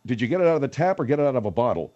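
A man's voice: medium pitch, rapid-fire, muffled recording. A man hosting a comedic radio bit, talking in an exasperated way. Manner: exasperated, animated. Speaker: radio show host.

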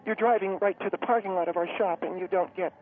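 Over a tinny phone-line radio sound, a man voices a high-strung, fussy upscale woman who serves as a community spokeswoman. In a steady tone she speaks hesitantly and haltingly with many fillers, later turning panicky and breathless.

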